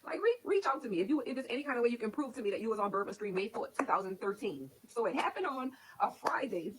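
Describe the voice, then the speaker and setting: A woman's voice: fairly high pitch, very animated, fast talker, a little hiss or hum, rough recording. A woman casually telling her own life story to her stream viewers, candid and rambling, with lots of "like". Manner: candid, rambling, heavy use of "like". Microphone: streaming setup.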